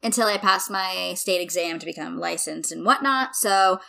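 Bright-voiced young woman telling stories. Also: lowish voice, moderate pace, creaky. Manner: animated storyteller, acts out quotes, many "like" fillers. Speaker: podcast co-host. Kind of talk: casual chat.

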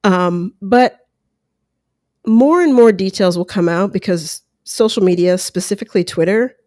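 A woman's voice: mid-range voice, unhurried, warm tone, no room sound, clean studio sound. A woman hosting a podcast at home, talking through her opinions in a casual, conversational way with asides. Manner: conversational, talks through ideas with asides and quoted voices. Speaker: podcast host. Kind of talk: casual solo commentary. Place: room at home. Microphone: headphones and close mic at home. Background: dog lapping water.

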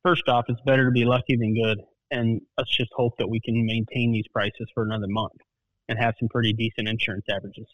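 A man who is a market analyst guest, speaking in a plainspoken, measured way with folksy turns of phrase. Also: medium pitch, level tone, no echo, highs cut off. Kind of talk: casual market talk.

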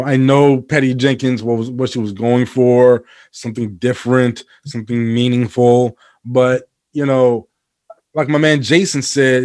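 A man co-hosting a casual podcast chat, rambling with many fillers and restarts, and getting animated and profane when worked up. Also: medium pitch. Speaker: podcast co-host.

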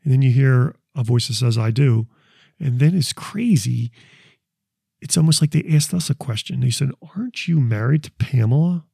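A man with a gravelly, rough edge to his voice talks through his recordings in a loose, rambling way, often repeating words and restarting his sentences. His tone is dark and mellow. The sound is dry and close, with no room around it. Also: medium pitch, normal speed, dry recording. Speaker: paranormal investigator presenting recordings. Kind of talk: casual explanatory talk.

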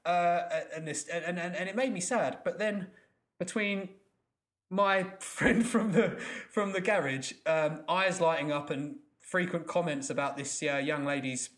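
Halting man with a higher voice. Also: fairly bright tone. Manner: halting, searching for words. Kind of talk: casual chat.

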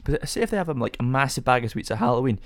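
A man's voice: medium pitch, sing-song, very fast, no room sound, studio quality. A young man hosting a casual solo podcast, rambling through rhetorical questions with self-amused musing. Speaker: podcast host.

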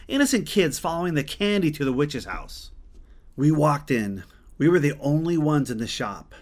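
A man from Montana telling a personal story in an earnest, conversational way, often stopping to correct himself. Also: a little high.

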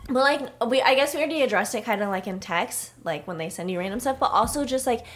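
An animated young woman chatting with a friend. She swears casually and strings her stories together with lots of fillers. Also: fairly high pitch, quick pace, heavy background noise. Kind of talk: casual chat.

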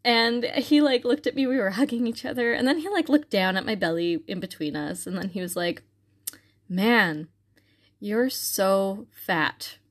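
A woman's voice: a little high, fairly even intonation, moderate pace. A young woman telling a personal faith story in a casual, earnest way, with many fillers and restarts. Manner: earnest and reflective.

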